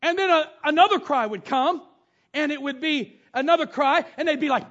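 Here a middle-aged man serves as pastor, preaching at a normal pace in a very high voice with a fairly bright tone. He reads and retells scripture and tells family stories, storyteller-style, on a dull lo-fi recording.

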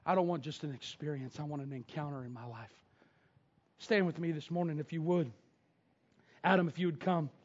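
A man with a high voice preaches in a church sanctuary, telling stories and moving from hushed tones up to loud calls. The recording sounds dull and lo-fi. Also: brisk, pauses often. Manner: storytelling, swings from hushed to shouting. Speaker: pastor. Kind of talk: sermon.

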